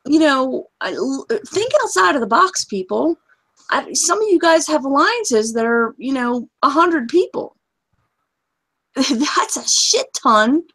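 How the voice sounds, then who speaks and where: A high-voiced woman talks straight at her listeners, blunt and heated. Her speech is casual and full of profanity, the tone of a gaming host ranting to her audience. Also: fairly bright tone.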